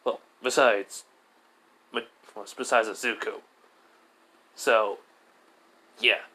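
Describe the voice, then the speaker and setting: A man's voice: on the low side, fairly even intonation, slow, sharp tone, poor audio. A man casually retelling a fan story, rambling with lots of fillers.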